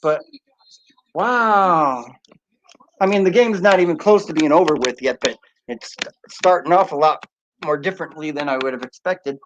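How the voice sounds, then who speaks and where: A man's voice: a little high, normal speed, a little hiss or hum. A man hosting a casual live stream from home, chatting and reading out viewer comments. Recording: slightly dull lo-fi sound.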